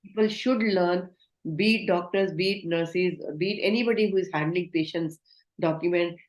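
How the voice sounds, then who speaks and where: A woman's voice: on the low side, a little mellow, dull audio. Woman trainer lecturing in a roomy space. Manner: instructive, asks the class questions. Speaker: communication trainer. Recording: roomy echo.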